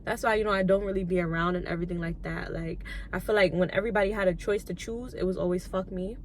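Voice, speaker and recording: A young woman in her twenties telling her life story in an emotional vlog, soft-spoken and on the edge of tears, with many "like"s. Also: fairly low pitch, steady tone, fast, a little hiss or hum. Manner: soft-spoken, filler-heavy, tearful at times. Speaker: YouTuber and lash tech.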